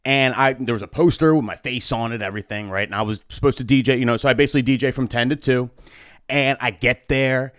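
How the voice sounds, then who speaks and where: A man, a wedding DJ and show host, telling a story in a chatty, animated, profane way into a studio mic. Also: mid-range voice, quick pace, dry recording. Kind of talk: storytime monologue. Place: home streaming setup. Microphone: studio mic on boom arm. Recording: dry close studio mic.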